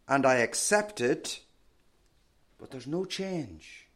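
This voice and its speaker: A man preaching a sermon in a measured, emphatic teaching manner, often asking rhetorical questions. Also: on the high side, sing-song, a bit bright.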